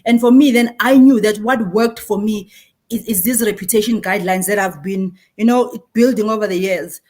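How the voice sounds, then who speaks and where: A Zulu-inflected accent marks this South African woman in her forties, a marketing speaker animatedly addressing a conference panel. She blends Zulu phrases into her talk at medium pitch and a moderate pace.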